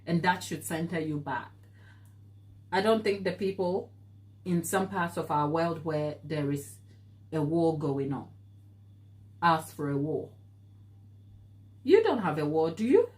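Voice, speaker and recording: A woman's voice: low-pitched, animated, a little slow, long pauses, a little mellow. A woman hosting a live baking stream, talking earnestly and encouragingly as she answers viewer comments, laughing easily. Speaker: baking show host.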